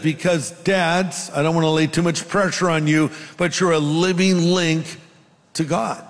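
Older male pastor, fairly high voice, earnest conversational sermon, long hall reverb. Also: moderate pace, soft background music. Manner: earnest, conversational preaching with asides.

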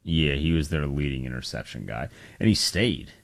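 A man's voice: rumbling low, animated, moderate pace, creaky, no room sound. A man co-hosting a sports talk radio show, emphatic and incredulous. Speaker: radio co-host.

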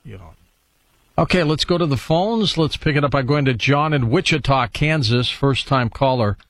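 A man hosting a radio call-in show who briskly introduces callers and asks questions. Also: mid-range voice, fairly bright tone, dry recording. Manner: brisk, friendly, takes calls. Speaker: radio talk show host.

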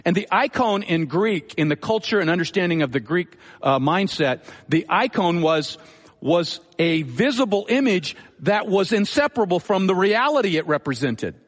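A man with a somewhat high voice delivers an earnest expository sermon, explaining scripture verse by verse. His words ring out with a long reverb, as from a large church sanctuary. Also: big pitch swings, normal speed. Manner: earnest teaching delivery, Bible quotations. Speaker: pastor.

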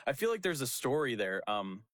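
A young pastor tells a story in a loose, chatty way. He jumps into the other people's lines and laughs as he goes. His voice sits at a middle pitch and sounds dry and close to the mic. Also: a little fast, dry recording. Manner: animated, laughing storyteller who acts out quotes. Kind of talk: casual storytelling chat.

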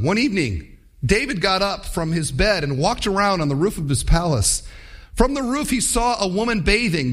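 A man preaching a sermon, telling stories and acting out voices along the way. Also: fairly high pitch. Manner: animated storytelling with acted-out voices. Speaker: pastor.

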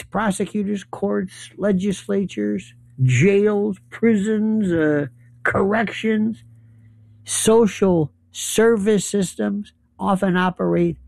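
A man's voice: sits high, creaky, a little mellow, no echo. A man delivering a rambling, sarcastic political commentary monologue and running through long lists of issues. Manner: rambling, sarcastic, list-driven.

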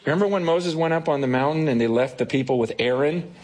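A pastor preaching a conversational sermon to a congregation, animated and acting out inner voices. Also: male voice, a little high, fast, heavy background noise. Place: church stage.

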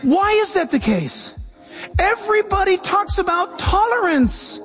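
A pastor preaching a sermon, animated, swinging between loud and soft. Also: male voice, extremely high pitch, measured pace, in a large hall, soft background music, a faint crowd.

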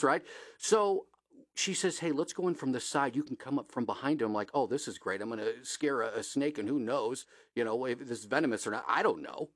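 Animated middle-aged man telling a story. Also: dry recording, studio quality. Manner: animated storyteller, voice jumping high for quoted lines, many "uh" fillers. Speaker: radio host. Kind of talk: casual storytelling and local news.

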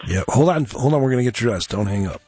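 A man's voice: medium pitch, lively intonation, rapid-fire, dark tone. A man hosting a call-in radio show, chatty and joking, rambling easily. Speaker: radio host. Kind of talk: casual call-in chat. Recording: dry studio mic, faint music.

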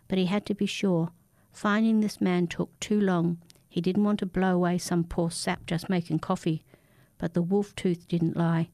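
A woman reading a dark fiction story aloud in a steady, measured narration. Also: lowish voice, no echo.

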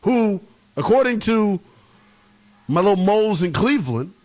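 Animated high-voiced male sports host. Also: a little slow. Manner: animated, opinionated, playful. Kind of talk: casual sports chat.

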